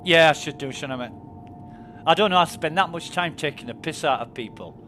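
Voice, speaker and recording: A man's voice: on the high side, a little fast, pushed and bright, a little hiss or hum. A man chatting casually and enthusiastically while streaming a game, swearing freely. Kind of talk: casual chat while gaming.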